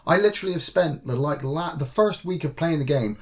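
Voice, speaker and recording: A man's voice: a little high, brisk. A man co-hosting a podcast in casual chat, swearing freely and acting out game characters as he retells what happened. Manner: swears a lot, acts out characters in animated retellings. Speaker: podcast co-host.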